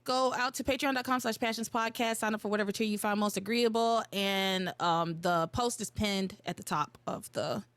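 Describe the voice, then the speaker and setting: A young adult woman hosting a podcast in casual, animated chat, exclaiming and swearing freely. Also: mid-range voice, moderate pace, hardly any pauses, no room sound. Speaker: podcast host.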